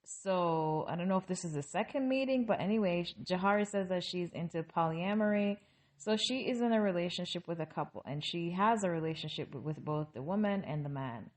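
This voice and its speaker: Woman host, casual TV recap, lower-pitched, opinionated and exasperated. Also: brisk, a little mellow.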